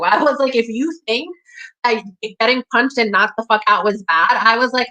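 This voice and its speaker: A young woman telling a personal story at a community hall, emphatic and profane, acting out her own shouted lines. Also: on the high side, moderate pace.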